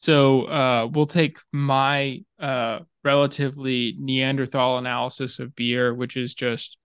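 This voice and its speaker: A man's voice: medium pitch, flat delivery, a little slow, hardly any pauses, fairly bright tone, clear, resonant tone, no echo. A man co-hosting a podcast in casual chat. He jokes at his own expense and steers the conversation along. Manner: joking, self-deprecating, steers the conversation. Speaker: podcast co-host.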